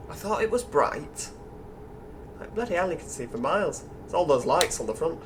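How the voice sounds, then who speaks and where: A man's voice: fairly high pitch, expressive, normal speed, background noise. A man with a Yorkshire accent hosting casual gameplay commentary, chatty, musing aloud and talking to the other drivers. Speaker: gaming channel host.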